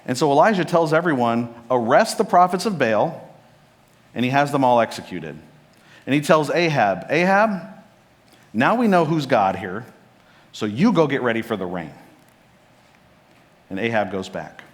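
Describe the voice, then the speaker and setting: A man preaching a sermon as pastor, telling a Bible story with lively acted-out lines. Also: mid-range voice. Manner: animated storytelling, acting out Bible characters' lines. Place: church sanctuary.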